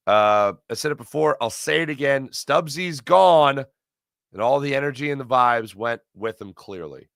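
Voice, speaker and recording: A man's voice: mid-range voice, fairly bright tone, no echo, clean studio sound. A middle-aged man hosting a casual sports talk livestream, energetically reading chat messages aloud and reacting to them. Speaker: sports talk show host.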